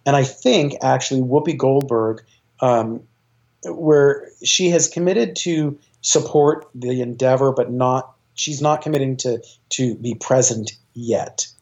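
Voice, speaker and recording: A choir director appears as a guest in a casual interview, talking with eager enthusiasm as he rambles through his ideas, often using fillers and correcting himself. His mellow, dark voice sits at a medium pitch and moves a little slowly. The recording is dull and lo-fi.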